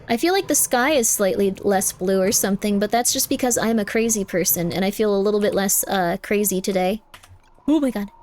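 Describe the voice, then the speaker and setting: A young woman streaming a game live, chatting fast and often repeating herself, with sudden exasperated outbursts. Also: fairly high pitch. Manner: chatty, repeats phrases, bursts of exasperated yelling.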